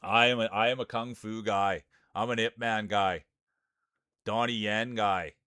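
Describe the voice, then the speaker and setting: A man's voice: fairly low pitch, fairly even intonation, measured pace, bright, forceful tone, clean tone, dry recording, studio quality. A man hosting a live stream, calling marble races with playful jokes and hype. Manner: playful, joking, hype-building. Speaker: streamer and race commentator.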